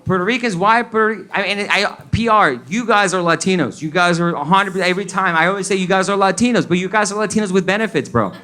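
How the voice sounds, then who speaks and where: He talks fast in a high, bright, forceful voice, hardly pausing. This stand-up comedian from Colombia, speaking with a Colombian accent, entertains a comedy club audience by switching between English and Spanish and acting out the characters in his stories.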